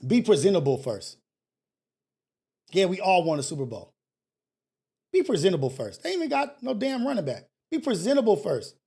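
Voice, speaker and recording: High-voiced blunt male show host. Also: big pitch swings, moderate pace, vocal fry, pauses often, mellow, slightly rough. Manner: emphatic, repetitive, blunt and profane. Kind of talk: casual motivational talk show rant.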